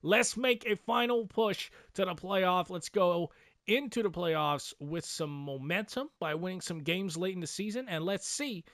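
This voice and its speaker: A man giving casual, excitable gameplay commentary, slurring his words after dental surgery and swearing casually as he hypes his team. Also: high voice, unhurried, no room sound, clean studio sound. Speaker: gaming video creator.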